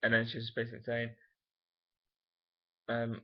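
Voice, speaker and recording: A young man talks straight to camera, candid and meandering, often stopping to correct himself. His voice sits at an ordinary middle pitch. The sound is a little dull and lo-fi, like a home video. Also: steady tone, a little slow. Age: late teens. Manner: rambling, many fillers and self-corrections, candid. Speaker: vlogger. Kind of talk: casual personal storytelling to camera.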